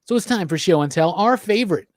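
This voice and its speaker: A man with a notably high speaking voice hosts a laid-back podcast conversation. He talks in an animated, blunt way and drops curse words freely. The sound is dry and close. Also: quick pace, no echo. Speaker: podcast host. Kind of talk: casual chat.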